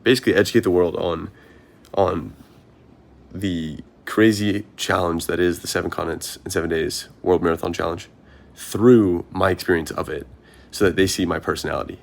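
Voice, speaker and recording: A man's voice: deep voice, steady tone, moderate pace, creaky. A young man, a marathon runner, talking through his thoughts in an earnest, rambling vlog monologue, often asking himself questions.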